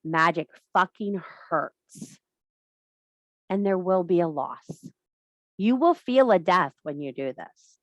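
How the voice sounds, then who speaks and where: A woman's voice: on the low side, lively intonation, slow, dry recording. A middle-aged woman leading a women's workshop over a video call, talking bluntly and emphatically with a lot of swearing. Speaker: women's circle leader. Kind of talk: casual workshop talk.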